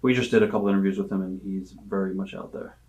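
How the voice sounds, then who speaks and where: A man's voice: low voice, flat delivery, quick pace, a little mellow. A male interviewer asking short prompting questions about old wrestlers and reacting briefly to the answers. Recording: off-mic, distant from the microphone.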